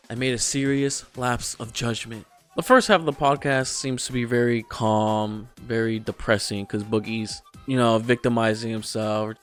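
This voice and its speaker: A man's voice: mid-range voice, fairly bright tone. A man giving angry, mocking drama commentary, swearing constantly as he rants. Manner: profane, mocking, ranting. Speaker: commentary youtuber.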